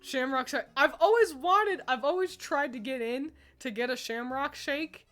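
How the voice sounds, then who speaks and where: Young woman streamer, slightly high voice, giggles between lines, swears bluntly while reading chat. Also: normal speed, a bit bright, faint music behind. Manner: giggly, laughs often between remarks. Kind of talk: casual chat reading live comments.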